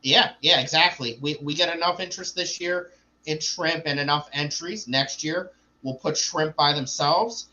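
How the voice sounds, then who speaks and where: A man with a bright, fairly high voice hosts a relaxed livestream chat. He rambles, searches for his words and often starts over. The sound is a little dull and lo-fi. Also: normal speed. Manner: rambling, many fillers and restarts. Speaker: livestream host. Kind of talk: casual chat.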